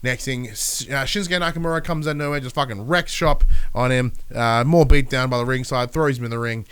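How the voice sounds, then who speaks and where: A man's voice: mid-range voice, a little fast, a bit bright, clean tone. A man hosting a podcast alone, feeling sick with a stuffy nose, rambling and swearing as he recaps the week. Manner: rambling, swears, acts out wrestlers' lines. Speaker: podcast host. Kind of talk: solo casual recap.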